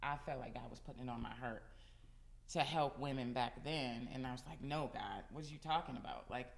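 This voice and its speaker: A woman's voice: a bass voice, a little fast, creaky. A woman giving an earnest, reflective personal testimony in casual chat. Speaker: podcast guest. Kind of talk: casual chat among women.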